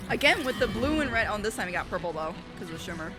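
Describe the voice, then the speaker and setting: A young woman hosting a reaction video, commenting casually and excitedly, often cheering and laughing out loud. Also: mid-range voice, rapid-fire, music in the background.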